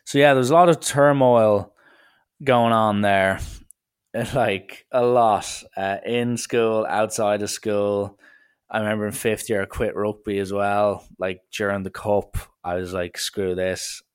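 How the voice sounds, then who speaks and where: A man's voice: on the low side, steady tone, unhurried, smooth. Irish man telling a rambling story. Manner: rambling, self-mocking. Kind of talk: casual storytelling.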